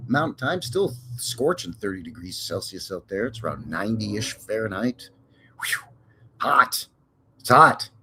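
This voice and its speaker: A man's voice: a little high, fairly bright tone, a little hiss or hum. A man hosting a casual live stream, chatting in a folksy, rambling way with jokes and cowboy slang.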